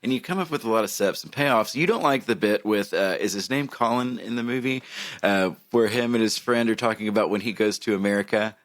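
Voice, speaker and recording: A man's voice: lowish voice, a little fast, no echo. A man co-hosting a movie podcast, chatting in an easygoing, agreeable way and laughing often. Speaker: podcast co-host. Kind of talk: casual chat.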